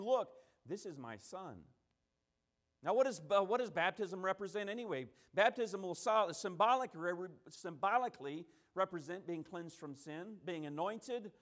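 A man's voice: high voice, fairly bright tone. A man preaching a sermon, emphatic, stacking repeated phrases and acting out the quotes he tells.

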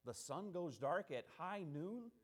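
High-voiced man preaching emphatically. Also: sing-song, slow pace. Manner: emphatic, repeating and restarting phrases, acting out quotes. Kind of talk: sermon.

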